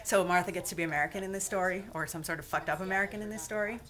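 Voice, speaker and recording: A woman's voice: on the low side, rapid-fire, fairly bright tone. A woman vlogger chatting casually about reading fan fiction aloud, in a chatty, self-deprecating way. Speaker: vlogger and podfic reader. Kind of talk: casual chat.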